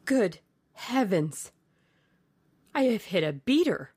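A woman voicing a brusque, careless male country gentleman in a storybook reading, exclaiming. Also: lowish voice, unhurried, creaky, no echo. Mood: alarmed.

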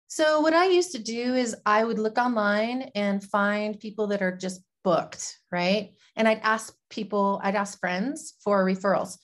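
A woman's voice: mid-range voice, a little slow, hardly any pauses. A woman guest in a casual interview, talking about her small business in a plain, matter-of-fact way.

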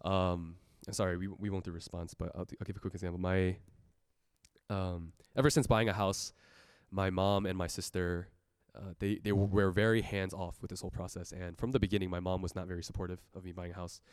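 Deep-voiced young man preaching. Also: level tone, brisk, clear, resonant tone, no room sound, studio quality. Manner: earnest, personal, laughs often. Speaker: church speaker giving a testimony. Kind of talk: sermon.

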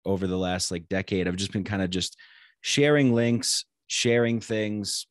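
A man talking as a podcast guest in casual conversation, reflective and halting, often repeating words as he thinks aloud. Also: lowish voice, steady tone, no echo, clean studio sound.

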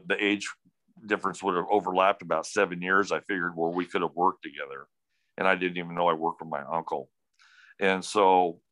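A middle-aged man with a deep but bright, forceful voice tells a long family story in a folksy, rambling way. He acts out each exchange in quotes. The sound is dry and close. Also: dry recording. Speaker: storyteller recounting family history. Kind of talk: casual oral storytelling.

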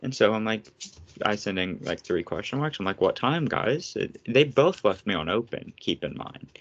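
A young man hosts a casual podcast with a fairly low voice. He rants and vents with sarcasm and plenty of swearing. The recording sounds dull and lo-fi. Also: animated, moderate pace. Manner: ranting, sarcastic, swears often. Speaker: podcast host.

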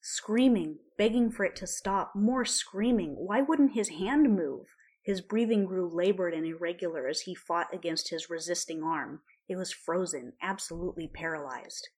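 A woman reading a story aloud in a measured, quiet way. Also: on the low side, breathy edge. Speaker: narrator. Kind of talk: storybook narration of fan fiction.

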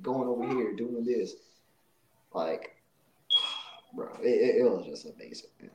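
A man's voice: mid-range voice, lively intonation, unhurried, long pauses. A man in casual chat, laid-back and slangy, who keeps saying "bro". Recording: echoey room.

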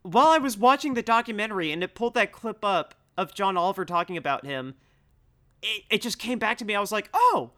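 Animated young man with a bright voice. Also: sits high, fast. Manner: excitable, animated, says "dude" a lot. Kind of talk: casual chat.

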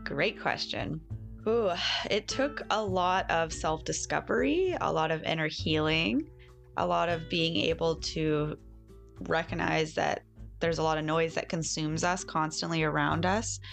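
A woman's voice: low-pitched, measured pace, gravelly, soft background music. A woman who works as a holistic coach, speaking as an enthusiastic podcast guest. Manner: enthusiastic, self-help phrasing.

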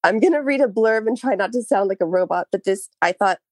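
A woman's voice: mid-range voice, lively intonation, quick pace, dry recording. A woman co-hosting a podcast in casual chat, out of breath, laughing often and reading notes aloud. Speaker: podcast co-host.

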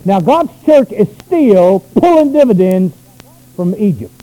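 A pastor preaching a sermon, swinging between loud shouted runs and quiet low asides. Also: male voice, sing-song, a little slow, poor audio.

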